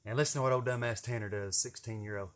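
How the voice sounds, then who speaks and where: A man's voice: medium pitch, fairly even intonation, quick pace. A man, telling a personal story to camera in a folksy, profane, chuckling way. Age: 40s.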